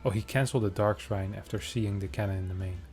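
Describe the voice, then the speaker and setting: Male esports caster with a lowish voice, casual and joking, quick reactions, soft music underneath. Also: steady tone. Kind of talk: casual game commentary.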